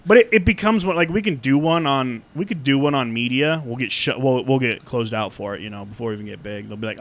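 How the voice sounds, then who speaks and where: A man co-hosting a podcast in casual chat, animated and swearing, acting out imagined dialogue. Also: medium pitch, fast talker, few pauses. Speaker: podcast co-host.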